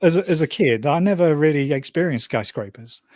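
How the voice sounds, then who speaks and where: A man's voice: on the high side, expressive, a little fast, darkish tone, no echo. A man from Wales, chatting casually and dryly, teasing and laughing at his own jokes. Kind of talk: casual chat.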